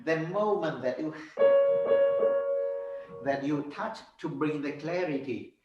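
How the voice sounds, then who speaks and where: A man's voice: fairly high pitch, far from the mic, muffled recording. Man, piano teacher in a master class, hesitant delivery, sings phrases, heard from afar in a roomy hall with piano. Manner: halting, simple phrasing with many fillers, sings phrases.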